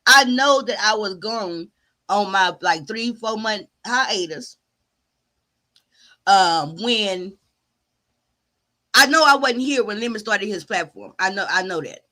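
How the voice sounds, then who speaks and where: Sassy middle-aged woman, bright and forceful, drawling live-stream commentary that repeats and trails off. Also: mid-range voice, lively intonation, slow, pauses often. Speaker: YouTube commentary host.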